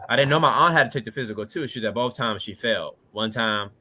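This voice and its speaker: A man in his late twenties from Washington DC tells his story as a podcast guest. His voice is bright and forceful, set at an ordinary pitch. He talks in a relaxed, earnest way, often checking in with "you know what I mean". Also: fast. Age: late 20s. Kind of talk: casual storytelling.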